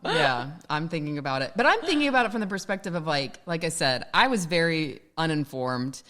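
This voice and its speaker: A woman's voice: sits low, lively intonation, brisk, a bit bright. A middle-aged woman co-hosting a podcast, chatting candidly and casually. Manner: candid, conversational, frequent "like". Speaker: podcast co-host. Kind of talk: casual chat.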